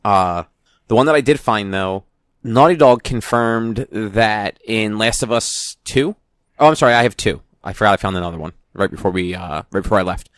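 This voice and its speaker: A man's voice: on the low side, moderate pace, a bit bright, no echo. A young man hosting a casual podcast, rambling and correcting himself as he talks into a studio mic. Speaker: podcast host. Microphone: studio microphone.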